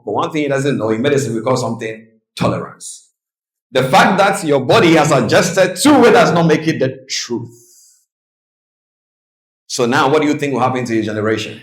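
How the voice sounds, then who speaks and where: A man's voice: mid-range voice, lively intonation, moderate pace, long pauses. A man giving a live seminar talk on the psychology of trading, telling stories and putting questions to the audience. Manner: storytelling, engages audience with questions. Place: hall before a live audience. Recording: roomy echo.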